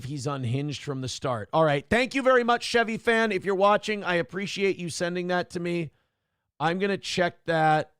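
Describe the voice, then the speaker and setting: A man's voice: high-pitched, fairly bright tone, clear, resonant tone, no room sound, clean studio sound. A man hosting a live morning show, joking, swearing freely and reading viewer messages aloud. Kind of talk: casual live-stream talk.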